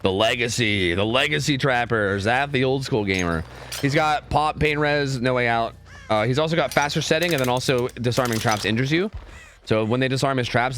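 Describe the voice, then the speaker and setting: A man casting game scrims on a live stream in a casual, chatty way, often repeating words in quick bursts. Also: mid-range voice, fairly bright tone, slight background noise.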